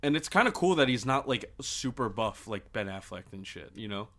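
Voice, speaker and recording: A man's voice: on the low side, animated, brisk, crowd noise. Young man joking in casual chat. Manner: joking, rambling, heavy on filler words. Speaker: podcast co-host.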